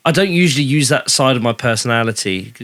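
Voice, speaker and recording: A man's voice: mid-range voice, lively intonation, quick pace, a bit bright, no echo. A man hosting a podcast, chatting casually in a joking, self-deprecating way. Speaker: podcast host.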